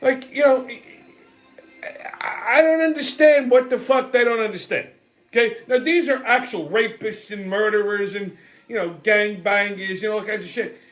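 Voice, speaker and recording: A man's voice: high-pitched, moderate pace, a bit bright, soft background music. A man hosting a comedic rant, profane, brash and sarcastic. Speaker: host.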